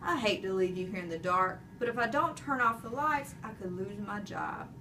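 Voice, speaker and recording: A woman playing a booming, jolly janitor. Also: expressive, normal speed, distant mic, background noise, lightly acted. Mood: friendly. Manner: booming, jokey, big roaring laugh. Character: jolly mustached male night janitor.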